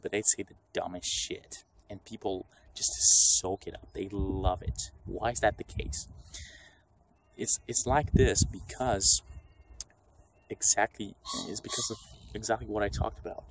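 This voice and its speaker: A man's voice: fairly low pitch, a little slow, slight background noise, rough recording. A man delivering an unscripted, rambling rant full of swearing, often acting out what other people say. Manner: rambling, profane, animated, acts out quotes.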